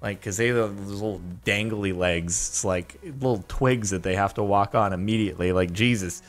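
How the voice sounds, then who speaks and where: A man's voice: lowish voice, normal speed, few pauses, faint music behind. A man giving casual, rambling, joking commentary while reacting to videos. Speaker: vlogger.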